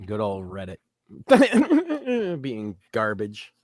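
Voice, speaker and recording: A man's voice: medium pitch, wildly swooping pitch, drawn-out words, no room sound, clean studio sound. A man co-hosting an online talk show, ranting with strong opinions and mocking what other people say. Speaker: podcast co-host. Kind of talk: casual online show chat.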